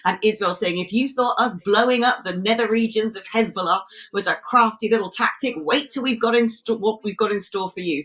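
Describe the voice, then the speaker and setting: A woman from Britain co-hosting a political chat show, sarcastic and mocking, with quick comic asides. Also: medium pitch, a bit bright. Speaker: co-host.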